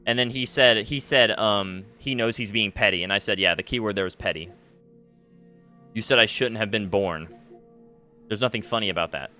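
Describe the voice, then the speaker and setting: A man gives gaming commentary straight to his audience in a ranting, aggrieved tone. His voice is bright and forceful, with a smooth, clean sound. It sits a little low in pitch. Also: moderate pace, soft background music. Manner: aggrieved, ranting, many fillers. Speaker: gaming YouTuber. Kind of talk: commentary to camera. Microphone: face cam setup.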